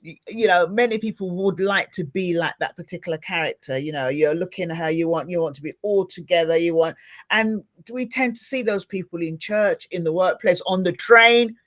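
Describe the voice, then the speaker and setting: Animated, expressive woman podcast host. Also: on the low side, brisk. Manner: animated, expressive, acts out little scenes. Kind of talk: casual interview chat.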